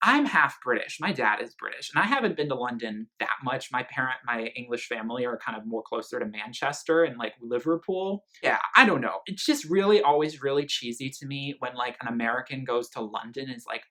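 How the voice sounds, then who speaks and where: A man from Philadelphia talks through an album in a loose, gossipy way, dropping "like" and "girl" into nearly every line. His voice is bright and a little pressed. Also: mid-range voice, animated, brisk, hardly any pauses. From Philadelphia, Pennsylvania. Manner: chatty and gossipy, full of "like" and "girl". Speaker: music reviewer. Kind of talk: casual album review vlog.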